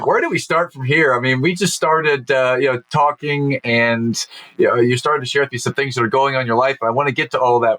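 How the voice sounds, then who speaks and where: This is a man hosting a podcast interview. His voice sits at a middle pitch for a man, and he sounds upbeat and enthusiastic as he leads the conversation. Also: fairly bright tone. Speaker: podcast host.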